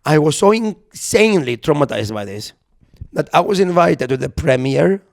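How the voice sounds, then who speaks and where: Podcast co-host, male, fairly high voice, animated comic storyteller who acts out quotes. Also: moderate pace, vocal fry. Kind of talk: casual comedic storytelling. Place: podcast recording.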